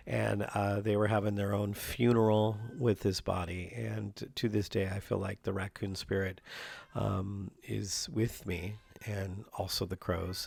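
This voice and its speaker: Man from Southern Oregon, podcast host, rambling and profane, gravelly voice at middle pitch, dry close sound. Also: no room sound. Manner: rambling, profane, restarts mid-sentence. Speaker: podcast host and performing artist. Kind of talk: stream-of-consciousness solo podcast. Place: at home with his cat.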